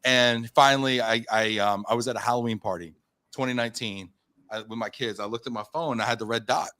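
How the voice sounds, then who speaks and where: An American man in his thirties, a podcast guest telling a long personal story. He talks casually with plenty of fillers and restarts, and he acts out his own past quotes in an animated way. His voice sits in an average male pitch. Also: fairly quick. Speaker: podcast guest, company founder.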